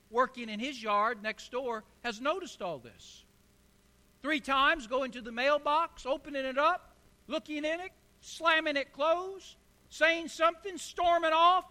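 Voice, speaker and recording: High, bright-voiced preacher man. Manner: emphatic, repetitive rhetorical delivery. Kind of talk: sermon with storytelling.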